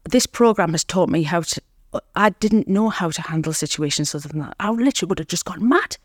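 A woman guest in an interview, telling her recovery story in an earnest, reflective way with pauses. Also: fairly low pitch, expressive, no room sound, studio quality. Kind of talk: candid interview talk.

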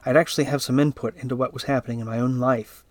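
A man voicing an irritated husband who scolds his wife about money in a sharp, accusing tone. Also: mid-range voice, fairly even intonation, quick pace, no echo, lightly acted. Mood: angry.

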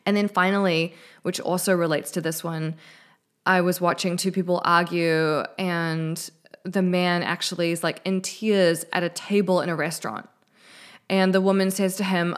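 Woman, podcast host, slightly low voice, candid, emotional, casual swearing, solo chat, studio mic. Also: steady tone, moderate pace. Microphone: studio microphone with mixer.

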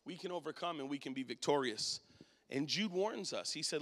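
A man preaching a sermon and telling a personal story, his voice swinging from quiet to loud. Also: on the high side, animated, brisk, long reverb tail.

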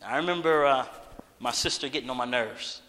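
Male preacher, bright voice, long hall reverb, shifts between loud appeals and hushed stories. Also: medium pitch, a little fast, a little hiss or hum. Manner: swings from loud urgent appeals to hushed storytelling. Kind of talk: sermon with personal story.

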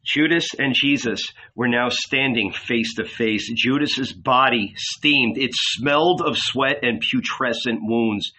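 A man narrating an audiobook of a novel in a slow, deliberate manner. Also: mid-range voice, sharp tone.

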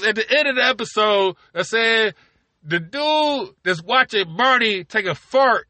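A man's voice: high-pitched, unhurried, pushed and bright, dry recording. A man hosting a podcast from his car, rambling casually and profanely, constantly asking "you know what I'm saying". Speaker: podcast host.

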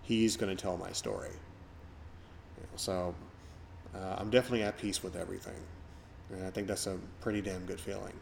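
A man's voice: deep voice, little pitch movement, normal speed, creaky, long pauses, slight background noise. A middle-aged man hosting a podcast, talking in a rambling, reflective way with lots of fillers. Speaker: podcast host. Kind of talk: casual podcast chat.

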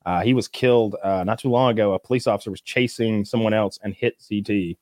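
A man's voice: lowish voice, quick pace, a little mellow, no echo. Rambling man in casual chat, dry sound. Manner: rambling, with frequent fillers and swearing.

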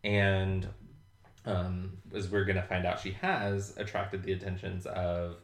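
A man's voice: sits low, little pitch movement, measured pace. A man co-hosting a podcast, chatting casually and animatedly about a TV episode and laughing often. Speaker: podcast co-host. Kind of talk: casual chat recapping a TV episode. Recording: roomy echo.

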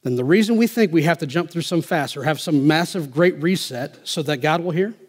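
Male pastor, sermon delivery, fairly high voice, dynamic from soft to forceful. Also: fairly quick. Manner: emphatic, swings from quiet to loud.

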